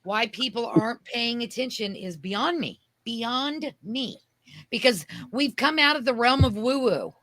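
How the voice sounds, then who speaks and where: A woman's voice: a little high, animated, unhurried, a bit bright, dry recording. A woman co-hosting a casual podcast chat, emphatic and prone to trailing off while she hunts for things. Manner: emphatic, searches for things mid-sentence. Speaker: podcast co-host.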